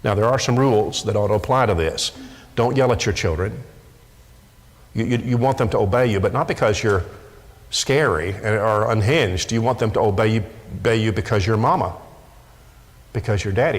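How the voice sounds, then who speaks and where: A man's voice: fairly low pitch, moderate pace. Preacher man in an echoey church hall. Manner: emphatic, repeats words when pressing a point. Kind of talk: sermon. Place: church sanctuary.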